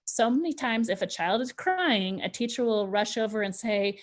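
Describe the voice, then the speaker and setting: A woman with a fairly high, lively voice runs a parenting workshop at a moderate pace against a noisy background. Her informal talk to parents is loose and chatty, packed with "you know" and sentences she starts over.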